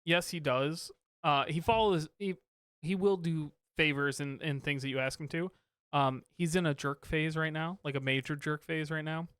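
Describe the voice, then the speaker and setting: A man in his thirties co-hosts a podcast, talking loosely about his kids with plenty of "um"s and restarts. His voice is smooth and clear and sits a bit high for a man. It is recorded dry on a close mic. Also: fairly even intonation, normal speed, a bit bright, no room sound. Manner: rambling, many fillers and restarts. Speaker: podcast co-host, father. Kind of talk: casual chat.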